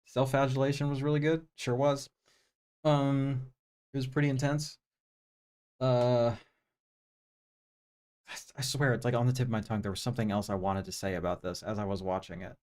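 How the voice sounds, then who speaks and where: A man's voice: medium pitch, little pitch movement, normal speed, long pauses, a little mellow. A man hosting a live stream, casually reviewing movies in a rambling, laid-back way full of fillers. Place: home room with projector.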